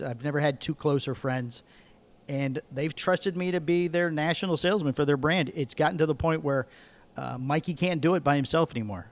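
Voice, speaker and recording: A middle-aged man from Michigan telling a rambling story as a podcast guest, correcting himself as he goes. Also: a little high. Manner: rambling, self-correcting, chatty. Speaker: guest, cigar sales manager. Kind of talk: casual storytelling.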